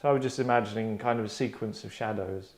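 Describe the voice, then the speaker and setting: Here a middle-aged man, a writer who hosts a podcast, talks fast in a voice on the low side. It's a casual discussion full of rambling and self-interruption, where he stops his sentences to act out lines.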